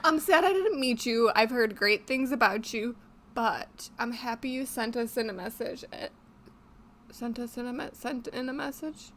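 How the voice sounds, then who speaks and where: A woman's voice: fairly high pitch, normal speed, a bit bright, slight background noise. Chatty young woman podcast host. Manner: chatty, laughs often, playful. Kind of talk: casual chat.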